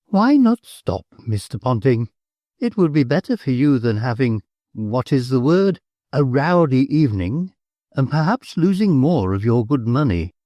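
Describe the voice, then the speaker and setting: A man's voice: big pitch swings, unhurried, warm tone, no room sound, dull audio. A man voicing a proud, imperious aristocratic countess in an audiobook, speaking in a raised, persuasive voice. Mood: coaxing. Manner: proud, persuasive, high-pitched. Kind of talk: audiobook character voice.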